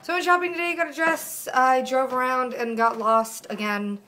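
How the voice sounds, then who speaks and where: A woman's voice: sits high, steady tone, moderate pace, sharp tone. A young woman vlogging casually at home by a white wall, chatty and rambling with giggles and free swearing, recorded on a camera mic. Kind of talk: casual vlog chat.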